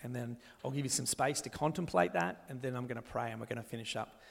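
A man preaching a sermon, talking his congregation through scripture reading and reading a psalm slowly and gently. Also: mid-range voice, creaky. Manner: gentle, slows down to read scripture aloud. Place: church hall. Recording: long echo of a large hall.

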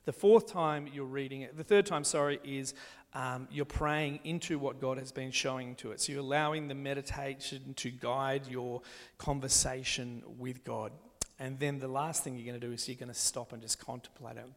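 A man preaching a sermon, talking his congregation through scripture reading and reading a psalm slowly and gently. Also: medium pitch, steady tone. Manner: gentle, slows down to read scripture aloud. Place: church hall. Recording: long echo of a large hall.

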